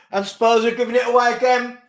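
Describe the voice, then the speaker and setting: A man, hosting a live fan watchalong, calling the match and reading the chat with exasperated, laughing commentary. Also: very high-pitched.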